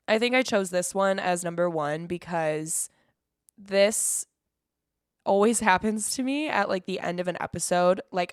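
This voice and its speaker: A young woman talks through her solo podcast in a loose, rambling way, swearing freely and breaking into quick laughs. Her voice sits a little low. The sound is dry and close, with no room echo. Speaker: podcast host. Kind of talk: casual solo podcast chat.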